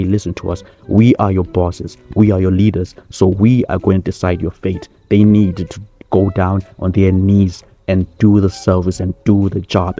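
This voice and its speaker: A man with a low, warm voice and muffled highs plays a boastful wrestling star in a comedy sketch. He rambles through a mock press conference, cocky and full of self-praise.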